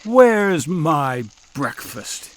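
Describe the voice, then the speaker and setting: A man doing a slow, roaring hungry giant. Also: medium pitch, lively intonation, a bit bright, slight background noise, full character voice. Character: huge hungry bellowing male giant.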